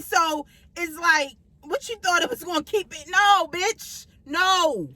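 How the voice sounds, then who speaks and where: Bright-voiced woman ranting in a car. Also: very high voice, no room sound, rough recording. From Baltimore, USA. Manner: confrontational, profane, repeats lines for emphasis. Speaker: vlogger. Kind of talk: ranting vlog monologue. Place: inside a car.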